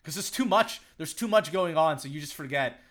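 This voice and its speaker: A man's voice: a little high, lively intonation, a little fast, a bit bright. A young man co-hosting a podcast, chatting casually in a rambling way, swearing a lot, laughing often and saying "like" constantly. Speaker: podcast co-host. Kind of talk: casual chat.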